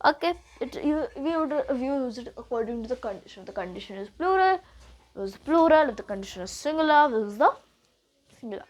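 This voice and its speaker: High-voiced Indian English grammar teacher. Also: female voice, animated. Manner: explains slowly and repeats, slips into Hindi. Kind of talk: classroom grammar lesson.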